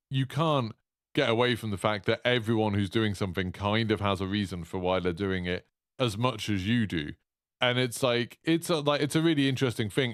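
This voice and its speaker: A young man hosting a solo gaming podcast, talking in animated, opinionated rambles full of "like" and restarts. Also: fairly low pitch, no echo, clean studio sound. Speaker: podcast host.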